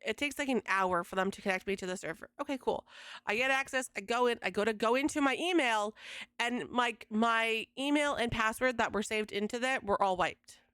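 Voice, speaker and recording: A young woman livestreaming from home, venting to her chat in a casual, exasperated rant with swearing and quick retellings of conversations. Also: on the high side, a bit bright, smooth, no room sound, studio quality. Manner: exasperated, swearing, quoting others in fast retelling. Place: home streaming setup.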